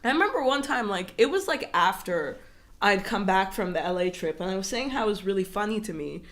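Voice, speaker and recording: Lively young woman, British-American accent. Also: medium pitch, fairly quick. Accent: mix of British and American English. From Iran. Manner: animated storytelling, swears freely. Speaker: podcast co-host. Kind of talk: casual chat.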